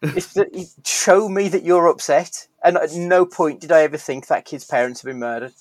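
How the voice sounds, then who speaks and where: A man's voice: on the high side, moderate pace, no room sound, low-quality recording. A man hosting a casual podcast chat, blunt, opinionated and freely profane. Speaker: podcast host.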